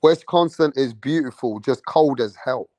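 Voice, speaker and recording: A man's voice: mid-range voice, normal speed, mellow, no room sound. A man chatting loosely on a livestream, rambling and swearing as he reads viewer comments. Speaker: livestream host. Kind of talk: casual livestream chat reading viewer comments.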